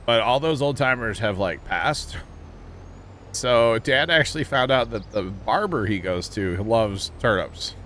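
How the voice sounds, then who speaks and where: A man's voice: medium pitch, expressive, a little slow, fairly bright tone, a little hiss or hum. A man streaming a farming game, chatting casually and rambling with lots of fillers. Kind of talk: casual livestream chat while gaming.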